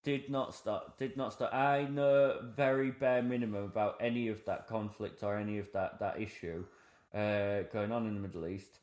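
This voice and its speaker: Young man, low-pitched, self-mocking storyteller, echoey room. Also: steady tone, moderate pace, darkish tone. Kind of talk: casual chat.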